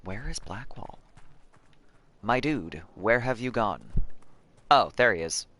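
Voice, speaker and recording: A man's voice: mid-range voice, expressive, takes it slowly, bright, forceful tone, a little hiss or hum. A man chatting casually as he plays a video game on stream, talkative and swearing freely. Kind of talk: casual gameplay commentary.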